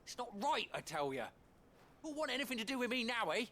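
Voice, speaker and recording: An actor playing a bitter, bigoted villager in a video game, grumbling resentfully. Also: male voice, extremely high pitch, very animated, fairly quick, pushed and bright, slight background noise, exaggerated voice.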